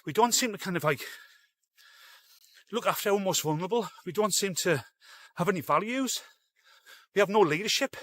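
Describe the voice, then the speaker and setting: A man's voice: high-pitched, expressive, normal speed, fairly bright tone, no room sound. A middle-aged man, hosting a live-stream show in a rambling, sweary, blunt way. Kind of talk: casual live-stream rant.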